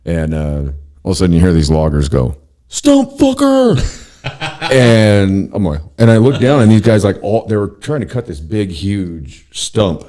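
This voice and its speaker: Man, podcast host, deep mellow voice, rambling profane storyteller. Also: expressive, normal speed. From Pacific Northwest of the US. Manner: rambling, profane, laughs often. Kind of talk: casual storytelling chat.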